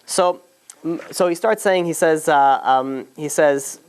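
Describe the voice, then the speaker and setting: A man teaching a class, telling the story informally, with many restarts and "you know"s, and growing animated at the lively moments. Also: on the high side, measured pace, clear, resonant tone. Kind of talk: informal storytelling lesson to students.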